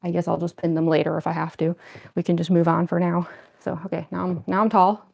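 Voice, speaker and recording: A woman's voice: fairly low pitch, flat delivery, quick pace, creaky, a little mellow. A young woman cosplayer chatting casually on a livestream while getting into costume, rambling with lots of fillers and a slight lisp from costume fangs. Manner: rambling, filler-heavy, self-deprecating.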